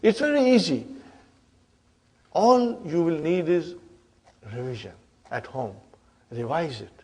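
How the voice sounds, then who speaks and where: A man's voice: a little high, animated, slow pace, darkish tone, breathy edge. A man teaching an Arabic grammar class, often checking in with "huh?" and "brothers and sisters".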